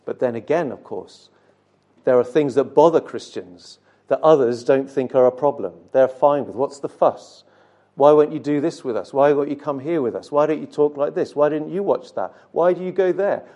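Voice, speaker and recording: A man delivering a sermon in an earnest, direct way, often asking his listeners questions. His voice sits a little high for a man but sounds mellow and warm. Now and then he trips over a word and repeats it. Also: normal speed, lo-fi sound. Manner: earnest, direct address to congregation with rhetorical questions; occasional stumbles and repeated words. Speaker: preacher.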